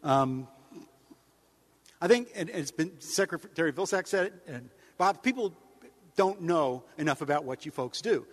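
Male humorist, high voice, deadpan and wry, speaking in a long-reverb hall. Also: moderate pace, pauses often. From United States. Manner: deadpan, wry, rambling asides with mock-outraged jumps in pitch. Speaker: humorist giving a speech. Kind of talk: stand-up style speech to an audience.

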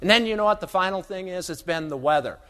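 A man's voice: sits high, expressive, fast, a bit bright. A man giving a humorous, folksy keynote talk on agricultural economics to a live audience, full of stories and asides. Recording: long hall reverb.

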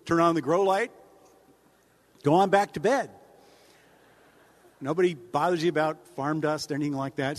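A man giving a comic speech to a crowd of farmers, deadpan and rambling, with sudden mock-outraged jumps in pitch. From United States. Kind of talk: stand-up style speech to an audience. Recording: long hall reverb.

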